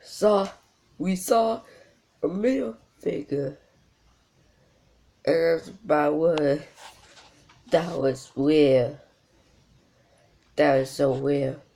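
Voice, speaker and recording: A man hosting his channel, reacting to a video in halting casual commentary full of fillers and repeats. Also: on the high side, expressive, vocal fry, mellow.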